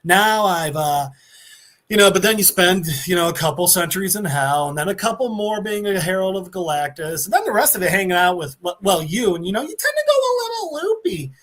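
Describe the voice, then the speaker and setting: A man voicing a loopy, chatty undead cosmic antihero, rambling cheerfully in a raised pitch. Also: very animated, fairly quick, fairly bright tone. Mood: giddy rambling.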